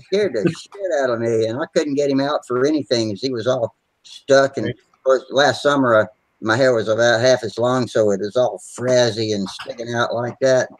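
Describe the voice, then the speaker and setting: A man's voice: mid-range voice, moderate pace, low-quality recording. A man chatting on a video call, telling rambling, salty stories and laughing easily. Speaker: regular on a hobby video hangout. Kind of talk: casual chat, swapping stories.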